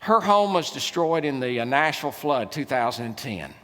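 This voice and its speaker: A middle-aged man, preaching a sermon as a keynote speaker, telling stories with humor and big swings in loudness. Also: medium pitch, big pitch swings, normal speed. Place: large hall. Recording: reverberant hall.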